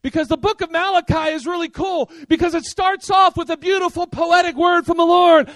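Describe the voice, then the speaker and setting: A man preaching a sermon in a high, bright voice. He jumps from loud outbursts to hushed asides and talks to the congregation as if chatting with friends. The sound is dry and close, with no room echo. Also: normal speed, few pauses. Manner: animated, swings between loud outbursts and quiet asides; casual, talks straight to the congregation.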